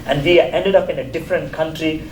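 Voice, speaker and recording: A man's voice: fairly high pitch, steady tone, fairly quick, a little hiss or hum, close to an everyday voice. A man, acting out the prophet Daniel telling his life story in a sermon role-play. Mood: earnest. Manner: earnest first-person testimony. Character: prophet Daniel, older man, proud and earnest. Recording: echoey church hall.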